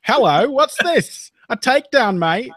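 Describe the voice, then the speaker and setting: A man putting on the voice of an old-fashioned comic British police officer with a British accent, in a high sing-song tone. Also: expressive, measured pace, a bit bright, no room sound, exaggerated voice. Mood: mock-suspicious. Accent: British (put-on).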